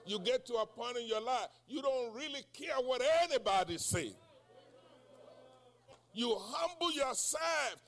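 A man's voice: very high voice, lively intonation, moderate pace, few pauses. A man in his sixties preaching a sermon, asking the congregation questions and crying out in prayer. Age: 60s. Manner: call-and-response questions, cries out in prayer.

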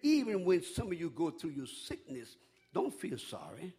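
Gravelly preacher swinging from hush to shout. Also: male voice, a little high, sing-song, moderate pace. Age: older. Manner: call-and-response preaching, swings from hushed to shouting. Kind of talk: sermon.

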